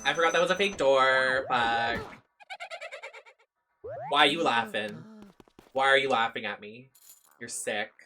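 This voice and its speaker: A young adult streamer giving sassy, animated live commentary on a game and swearing freely. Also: medium pitch, measured pace, pauses often, a little hiss or hum. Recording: clear game music underneath. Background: game music.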